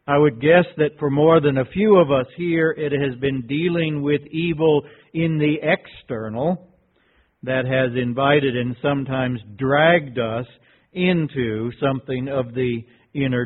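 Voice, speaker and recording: A man presenting at a workshop, giving a reflective lecture and telling a teaching story in a measured, deliberate way. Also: medium pitch. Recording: tinny phone-like recording.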